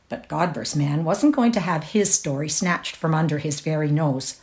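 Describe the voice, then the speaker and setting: A woman's voice: moderate pace, few pauses. A woman with a Canadian accent giving a dramatic reading of a short story, acting out each character's lines. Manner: voices each character with lively shifts in pitch. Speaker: reader.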